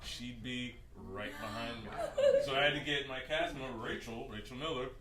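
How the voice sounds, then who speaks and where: A man's voice: mid-range voice, normal speed, crowd noise. A male comedian telling a rambling story on stage, laughing as he goes. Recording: echoey club from far off, noisy.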